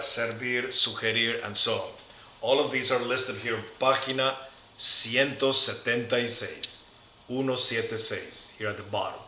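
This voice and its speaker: A man's voice: medium pitch, pushed and bright. A middle-aged man teaching a recorded lesson, patient and careful, spelling out each form one by one. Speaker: Spanish teacher. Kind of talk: recorded classroom lecture. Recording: echoey room, faint background noise.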